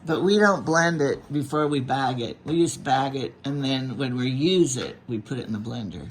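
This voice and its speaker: A woman's voice: extremely low pitch, expressive, normal speed, slight background noise. Chatty older woman chiming in. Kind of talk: casual chat.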